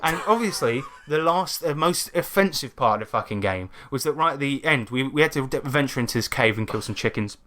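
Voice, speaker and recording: A British man hosting a podcast, telling stories in casual chat, animated and full of swearing. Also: medium pitch, a little fast, few pauses. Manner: swears often, animated storytelling. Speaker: podcast host.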